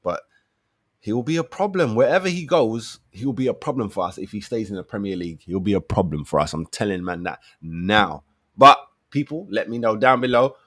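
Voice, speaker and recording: A man's voice: fairly low pitch, expressive, fairly quick, fairly bright tone, no room sound, studio quality. A young man, giving a casual football fan commentary full of slang, often repeating himself for emphasis. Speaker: football fan channel host.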